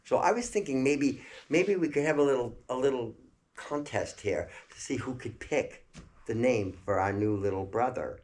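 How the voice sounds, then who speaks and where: An older man telling a family story in a chatty, animated way, laughing along as he goes. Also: medium pitch, normal speed.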